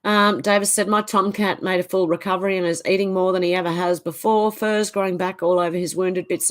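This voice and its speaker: A woman's voice: mid-range voice, fairly even intonation, fairly quick, few pauses. Australian woman chatting on a livestream. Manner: reads viewer comments aloud and chats back casually. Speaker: livestream host. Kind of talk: casual livestream chat.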